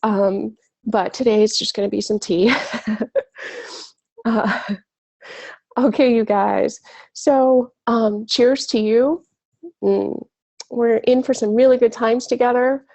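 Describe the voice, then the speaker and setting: Gravelly, mellow woman hosting a webinar. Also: on the high side, steady tone, takes it slowly, long pauses. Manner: gushing, chatty, swears casually, many fillers. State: has a cold. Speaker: spiritual coach hosting a webinar. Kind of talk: casual live webinar talk.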